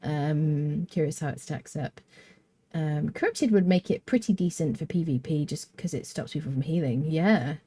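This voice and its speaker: A British woman with a mixed accent carrying a touch of Welsh speaks in a low, mellow, husky voice at normal speed, with no echo. She chats casually while streaming a game, thinking aloud, humming and replying to viewer chat.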